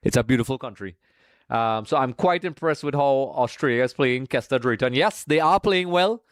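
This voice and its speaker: A man's voice: mid-range voice, lively intonation, moderate pace, clear, resonant tone, dry recording, studio quality. A man from Trinidad, hosting a live watch-along stream in a casual, chatty way, greeting viewers by name and calling them folks.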